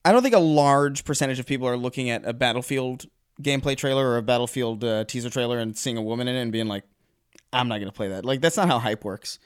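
A man's voice: mid-range voice, quick pace, clear, resonant tone, no echo. A man with a mid-range voice talks through his opinions on a casual podcast, often breaking off and restarting his sentences. The recording is dry and close. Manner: conversational, hesitant, many restarts. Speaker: podcast co-host.

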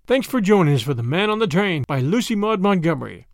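A man narrating a classic short story as a podcast host, in expressive, measured storytelling. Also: high voice, no echo, clean studio sound.

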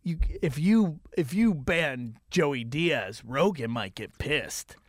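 A man's voice: fairly high pitch, expressive, slow pace, no echo, studio quality. A man hosting a podcast in casual chat, loose and profane, with a wry, offhand way of telling things. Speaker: podcast host.

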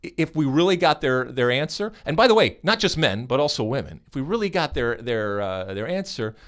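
An American man hosting a podcast in casual chat, animated and teasing, often restarting his sentences. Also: mid-range voice, brisk. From United States. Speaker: podcast host.

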